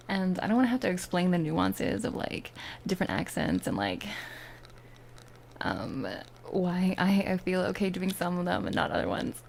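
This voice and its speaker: A woman's voice: medium pitch, vocal fry, slight background noise. A young woman with a Valley Girl accent, chatting in a whispered role-play as an ASMR streamer, close to the mic and full of "like" fillers. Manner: chatty, many "like" fillers, drifts between whisper and soft voice. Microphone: close ASMR mics.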